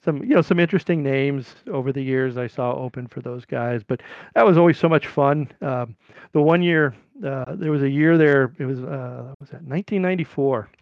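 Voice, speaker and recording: A middle-aged man from California casually telling a long, rambling story, his voice jumping up high when he quotes people. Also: brisk, creaky, no echo, dull audio. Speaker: podcast guest.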